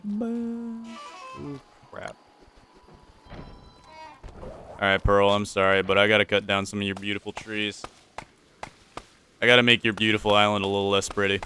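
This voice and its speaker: A man's voice: fairly low pitch, monotone, moderate pace, long pauses, sharp tone, soft background music. A young man casually commentating a survival game, playful and joking, talking to the game's characters. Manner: playful, talks to game characters, jokey pirate voices. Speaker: gameplay commentator.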